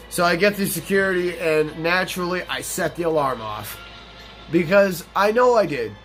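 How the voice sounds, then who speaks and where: A man's voice: a little high, a bit bright. A young man casually commenting on a farming game while telling a rambling, profane story. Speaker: gaming channel host.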